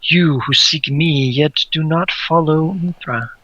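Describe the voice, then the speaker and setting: A man voicing an amused vampire prince who speaks softly in an old-fashioned, noble manner. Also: fairly high pitch, slow, no room sound, muffled recording, exaggerated voice. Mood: amused, courtly.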